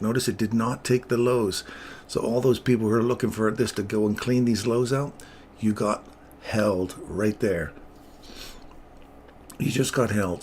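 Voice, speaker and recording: A man with a lowish voice talks through his market charts in a relaxed, chatty way. He greets viewers by name as he narrates his trades live. A faint hiss sits under the recording. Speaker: trading streamer. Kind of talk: live trading commentary.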